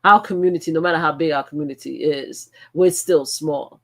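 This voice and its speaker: A woman's voice: low voice, steady tone, a little fast. Emphatic older woman hosting a livestream. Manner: emphatic, repeats her points; exclaims loudly at clips. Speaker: livestream host. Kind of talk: livestream commentary reacting to clips.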